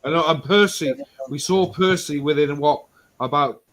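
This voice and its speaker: A man's voice: on the high side, moderate pace, over a noisy crowd. A man in casual banter on a live stream, sweary and rambling, often laughing.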